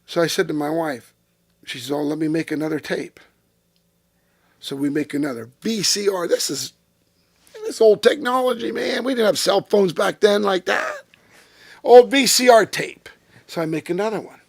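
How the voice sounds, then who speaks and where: A man telling a story in a casual interview, profane and animated, acting out what people said. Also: high voice, moderate pace, vocal fry, pauses often, dry recording, studio quality. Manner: profane, animated storyteller who acts out quotes. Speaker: interview guest.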